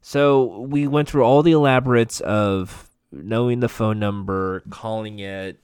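A man's voice: lowish voice, measured pace, few pauses, darkish tone, clean tone, no room sound, clean studio sound. A man giving a casual, profane, sarcastic recap of a TV episode, rambling as he goes. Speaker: show recapper.

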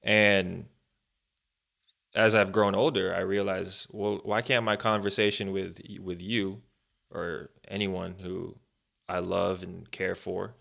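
Gravelly, bright-voiced man chatting casually. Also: deep voice, takes it slowly. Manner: rambling, animated, many fillers. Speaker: podcast co-host. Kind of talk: casual faith chat.

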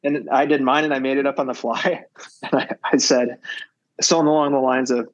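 A man's voice: mid-range voice, fairly even intonation, a little fast, no echo, muffled recording. A man on a podcast telling rambling, profane anecdotes in casual chat. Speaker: podcast co-host.

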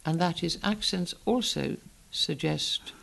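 An older woman from the Northeast of England with a Northern educated English accent, speaking in an articulate, emphatic, measured way as an interview guest. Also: fairly low pitch, gravelly, fairly bright tone. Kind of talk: reflective interview talk.

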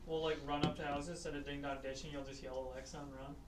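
A man joining a casual podcast chat, dropping in quiet, dry quips from the side. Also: fairly high pitch, little pitch movement, quick pace.

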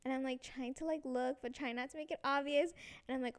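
A woman's voice: sits high, fairly even intonation, fairly quick, clear, resonant tone. A young woman from Canada, telling a story in casual chat, acting out quotes and swearing often.

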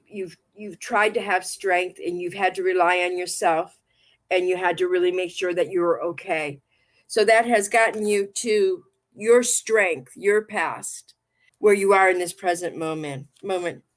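A woman with a lowish voice talks a little slowly as she hosts a relaxed livestream and reads tarot, her speech loving, wandering, and full of repetition.

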